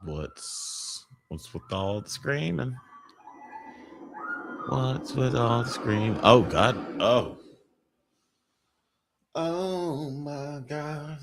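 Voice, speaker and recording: A man's voice: medium pitch, expressive, very slow, creaky, crowd noise. A man hosting a podcast live watch party, chatting casually and profanely, groaning and laughing at gory scenes. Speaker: podcast host.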